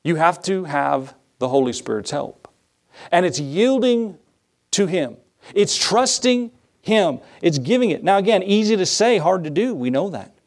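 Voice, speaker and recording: Man preaching with a slightly high voice. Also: expressive, measured pace, a little mellow. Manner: conversational preaching that acts out dialogues and asks rhetorical questions. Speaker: pastor. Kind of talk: sermon.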